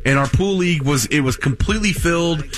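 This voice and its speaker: A man's voice: on the high side, quick pace, soft background music. A man in his thirties, co-hosting a talk show, telling a long anecdote in casual chat and acting out what people said. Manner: animated anecdote teller who acts out quotes. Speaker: radio show co-host.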